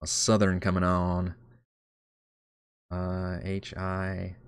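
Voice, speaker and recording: A man's voice: low-pitched, monotone, slow, clean tone, no echo, studio quality. A man preparing his tabletop game on a live stream, talking casually, rambling and correcting himself. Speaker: dungeon master.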